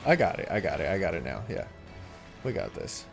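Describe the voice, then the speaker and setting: A man's voice: sits low, big pitch swings, brisk, soft background music. A young adult man streaming a game, chatting casually and reacting aloud to what happens on screen. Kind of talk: casual live-stream chat while gaming.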